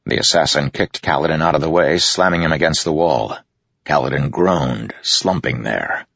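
A man narrating a fantasy audiobook in a measured, dramatic reading. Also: rumbling low, gravelly, fairly bright tone, husky, no room sound, muffled recording. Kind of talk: scripted narration.

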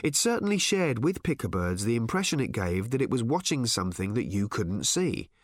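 A man narrating a story aloud in a wry, measured way. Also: medium pitch, very animated, no room sound, studio quality. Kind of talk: audiobook narration.

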